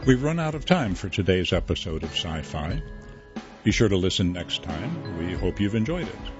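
Man, announcer, very low voice, formal sign-off, background music. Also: very animated, normal speed. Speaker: program announcer. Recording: muffled recording with music underneath.

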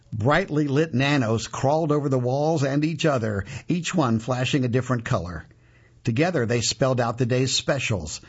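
Husky man reading gritty first-person fiction. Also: mid-range voice. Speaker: narrator. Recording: dull lo-fi recording.

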